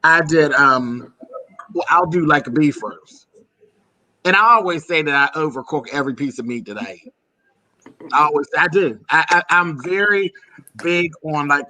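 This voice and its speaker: A man's voice: on the high side, sharp tone. A man from Pennsylvania hosting a casual chat, talking easily and laughing, calling people honey and girl. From Pennsylvania, USA. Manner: chatty, laughing, calls listeners honey and girl. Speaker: host.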